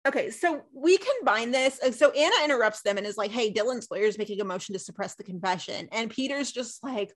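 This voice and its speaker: A woman's voice: a little high, expressive, fairly quick, hardly any pauses. A woman co-hosting a podcast, recapping a TV episode in casual chat, ranting emphatically and swearing freely.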